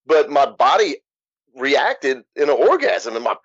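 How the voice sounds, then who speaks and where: A frank, outspoken man tells his story in a very lively voice that rises and falls widely. The recording is dull and lo-fi. It sounds dry, with no room in it. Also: fairly high pitch, a little slow, dry recording. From Louisiana. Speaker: guest, author. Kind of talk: candid interview.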